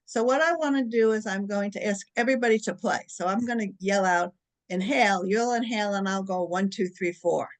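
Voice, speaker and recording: A woman presenting an online training session, friendly and instructive, talking participants through an exercise over a video call. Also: mid-range voice. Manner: friendly, instructive, counts slowly. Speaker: webinar presenter. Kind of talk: guided breathing instruction in a webinar.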